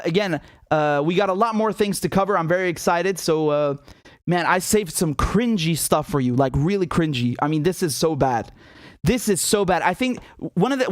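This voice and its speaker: A young man hosting a live political commentary stream, animated and scornful, laughing often and restarting his sentences. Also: a little high, no room sound, studio quality.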